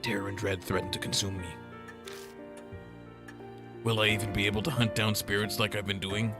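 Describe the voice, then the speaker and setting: A man streaming a game, reading its lines aloud and joking in a mock-dramatic way. His voice is low, close on a desk mic. Faint music plays underneath. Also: flat delivery, moderate pace. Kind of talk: let's play commentary reading game text aloud. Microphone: desk mic with noise gate.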